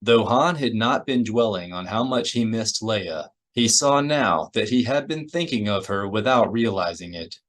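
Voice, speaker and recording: A man reading a novel aloud as audiobook narrator, in a steady storytelling manner. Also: lowish voice, normal speed, hardly any pauses. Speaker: audiobook reader.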